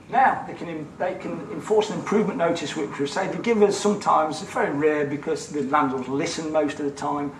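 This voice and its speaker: A man's voice: a little high, a little hiss or hum. Blunt man in an echoey room. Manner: blunt, repeats words, mimics others in raised voice. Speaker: letting agent giving a seminar. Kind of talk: animated seminar talk with acted-out anecdotes. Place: seminar room. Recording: echoey room, mic far off.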